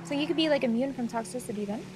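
Chatty, playful woman, slightly high. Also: rapid-fire, music in the background. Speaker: gamer role-playing a character. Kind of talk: casual role-play chat.

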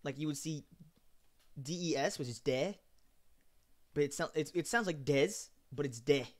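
A man's voice: on the high side, brisk, fairly bright tone. Chatty cursing guy streaming a game. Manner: loose, swears freely, jumps between story and game. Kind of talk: casual chat while gaming.

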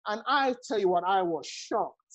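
A man's voice: sits high, animated, moderate pace, poor audio. A man in his forties hosting a motivational live chat over a phone, effusive and chuckling often. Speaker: host and network marketing coach.

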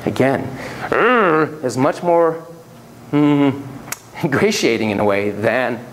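A man lectures slowly in a mid-range voice, his delivery theatrical and animated, alternating hushed comments with loud exclamations. He keeps questioning the students; the recording is rough, with a little hiss or hum.

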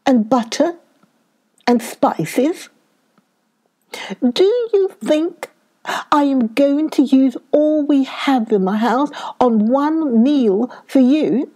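A woman's voice: dark tone, heavily acted. A woman reading a children's storybook aloud, voicing a stingy old wife who shrieks and scolds. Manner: shrill and scolding.

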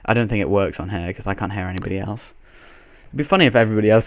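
A man with a fairly low voice runs live commentary over his own online shooter match. He talks in a loose, playful way and jokes and laughs between rounds. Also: rapid-fire, gravelly. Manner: playful, jokey, laughs often. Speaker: gaming commentator.

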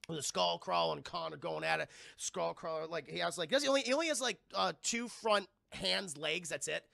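A young man streaming a casual, excitable movie recap to his live chat, swearing often and calling out to the chat as he goes. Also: on the high side, moderate pace, creaky, no echo, studio quality.

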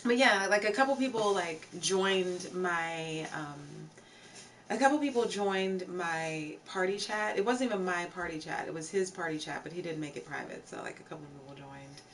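With a fairly low, slightly bright voice at normal speed, a young woman chats casually on a live stream and greets viewers from chat. The recording has a slightly distant mic and faint background noise.

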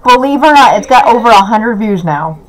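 A young woman streamer reacting to her own old clips. She talks casually, giggles a lot, breaks into loud outbursts and swears freely. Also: a little high, lively intonation, fairly quick. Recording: noisy with clicking sounds.

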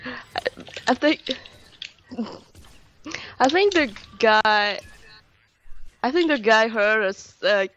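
Woman gamer, lively pitch, slow unhurried talk, hesitant, muffled lo-fi voice chat. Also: slight background noise. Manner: hesitant, repeats words, giggly. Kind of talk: casual chat while gaming.

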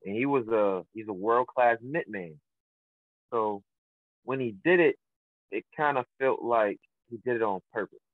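With a mid-range voice and an unhurried delivery, a young man who boxes professionally rambles through a casual phone interview as a guest, full of fillers and restarts. The phone audio is tinny and dry, without echo.

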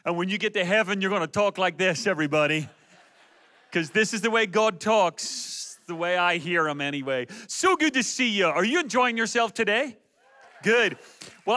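A man's voice: sits high, sharp tone. A man in his forties with an Irish accent, a guest pastor joking with the congregation at the start of a sermon. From Ireland. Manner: joking, playful asides to the crowd. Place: church auditorium stage.

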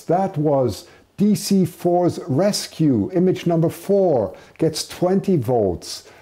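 A man hosting a live stream chats casually while announcing poll results, poking fun at himself and laughing often. His voice is a little high with a dark tone.

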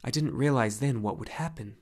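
A man voicing a troubled, resolute young male warrior in a quiet, subdued way. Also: mid-range voice, a little fast, lightly acted.

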